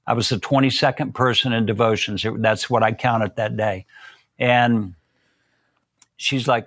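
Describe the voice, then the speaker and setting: An older man tells a long personal story in a relaxed, folksy way, slipping into quoted voices of the people in it. His voice sits in a middle pitch, close to a dry, dead-sounding mic. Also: normal speed, no echo. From Southern United States. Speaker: guest. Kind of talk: storytelling interview.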